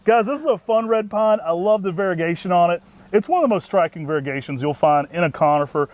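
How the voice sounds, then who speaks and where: A man co-hosting a plant show, pitching trees with folksy enthusiasm. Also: quick pace. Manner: energetic, folksy, says y'all. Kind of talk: enthusiastic product talk.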